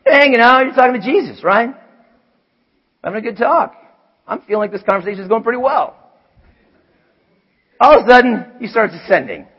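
A man preaching a sermon as pastor, animated, moving from hushed asides to shouts. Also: very high voice, fairly quick, long pauses, slightly rough, lo-fi sound. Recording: long hall reverb.

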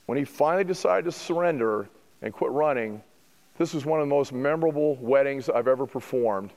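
A middle-aged male pastor preaching a sermon, building to emphatic rhetorical questions and then easing into softer, reflective passages. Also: medium pitch, brisk, in a large hall, poor audio.

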